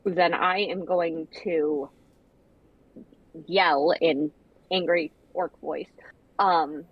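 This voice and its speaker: A woman with a low, breathy voice plays in a tabletop game. She talks casually and deliberately. The recording is dull and lo-fi. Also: steady tone, dry recording. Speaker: player. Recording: dull lo-fi sound.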